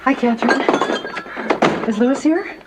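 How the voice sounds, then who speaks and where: A woman's voice: high-pitched, a little slow, heavy background noise. An actress playing a bubbly woman who coaxes a friend with eager dating advice in a sitcom. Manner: eager, coaxing. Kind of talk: sitcom acting.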